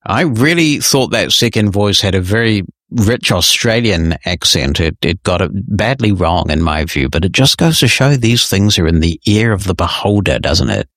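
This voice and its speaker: Lowish-voiced male tech podcast host. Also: lively intonation, normal speed, few pauses, a bit bright, no room sound, clean studio sound. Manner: conversational, explanatory, lightly wry. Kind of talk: answering listener emails on a tech show.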